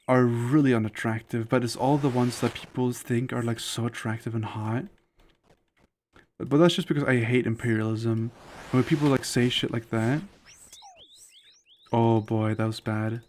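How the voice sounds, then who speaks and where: A man's voice: mid-range voice, normal speed, slight background noise. A man streaming live while he plays a game, chatting with viewers in a loose, rambling way full of "like" fillers and blunt opinions. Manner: opinionated and candid. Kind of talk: casual live-stream chat while gaming.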